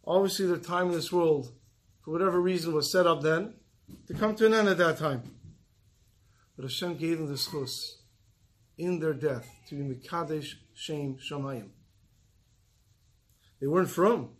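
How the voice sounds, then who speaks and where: A man giving a sermon, telling a story earnestly and slowing down for emphasis. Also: on the high side.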